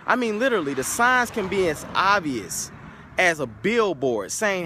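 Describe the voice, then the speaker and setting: A man's voice: sits high, sing-song, moderate pace, sharp tone, slight background noise. A man giving an emphatic motivational talk that opens with a told story. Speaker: motivational speaker.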